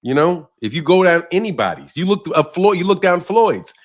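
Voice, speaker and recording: This man's voice is high and sing-song at a moderate pace as he chats casually about boxing on a livestream. He reads out comments from chat, responds to people by name, and tends to say things more than once.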